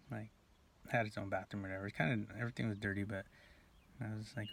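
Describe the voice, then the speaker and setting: A man telling a personal story in a rambling, halting way, full of fillers and restarts, sometimes dropping to a near whisper. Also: lowish voice, steady tone, gravelly, a bit bright. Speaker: video blogger.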